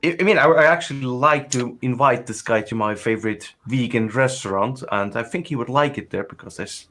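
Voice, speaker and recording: A man co-hosting a casual podcast, hesitant and halting, with many fillers and stutters. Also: medium pitch, a bit bright, soft background music. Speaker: podcast co-host. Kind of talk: casual chat.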